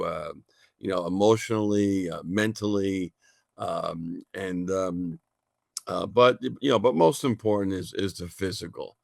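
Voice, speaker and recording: A man talking as a guest in a casual radio interview, halting, with many fillers and restarts. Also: deep voice, creaky, dry recording, clean studio sound. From United States. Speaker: guest, natural health college founder.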